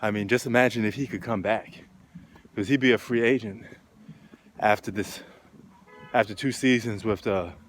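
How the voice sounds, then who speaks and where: A man's voice: fairly low pitch, moderate pace, long pauses, a little hiss or hum. Breathless man vlogging on an uphill walk. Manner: rambling, many ums. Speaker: sports vlogger. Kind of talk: casual walking vlog. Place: outdoors on a street, walking uphill.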